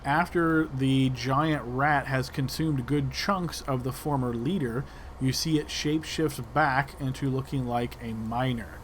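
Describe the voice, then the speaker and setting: A man running a tabletop game as game master, narrating in a relaxed way with fillers. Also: medium pitch, unhurried, a little hiss or hum. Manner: relaxed, describing actions with fillers.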